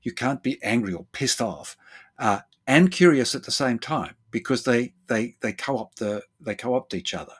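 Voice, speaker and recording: A man who works as a therapist, explaining his ideas in relaxed conversation. He often acts out other people's lines with sudden jumps in pitch and thinks aloud with fillers and repeated words. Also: moderate pace, slightly rough. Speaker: therapist and guest.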